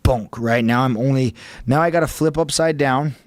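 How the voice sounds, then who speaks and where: A man's voice: medium pitch, normal speed, dry recording. A man guest on a podcast telling a story intensely, swearing heavily and quoting his own inner voice. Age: adult father. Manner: intense, heavily profane, talks to himself in quoted self-talk. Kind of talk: animated storytelling. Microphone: studio podcast mic.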